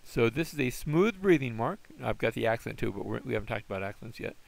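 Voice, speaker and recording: A man teaches Greek pronunciation in a casual, patient way, pausing to sound words out slowly. His voice sits in a middle range with a strong gravelly fry running through it. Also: mid-range voice, animated. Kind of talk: informal classroom explanation.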